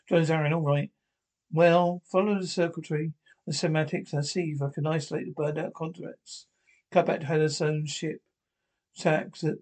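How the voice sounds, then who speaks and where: A man's voice: a little high, darkish tone. A man reading an episode script aloud, directions and dialogue alike, with frequent stumbles and restarts. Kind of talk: read-aloud script narration.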